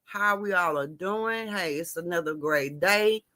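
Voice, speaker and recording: A woman's voice: lowish voice, unhurried, bright, forceful tone. A woman hosting a casual live stream, chatting with her viewers, greeting them by name and repeating herself as she talks. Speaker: livestream host.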